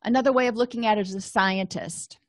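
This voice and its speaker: Woman counselor, mid-pitched, chatty teaching tone, dry close recording; lecture voice-over. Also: fast talker, dry recording. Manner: conversational, explains with everyday examples and quoted self-talk. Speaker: counselor and trainer. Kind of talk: educational lecture on therapy.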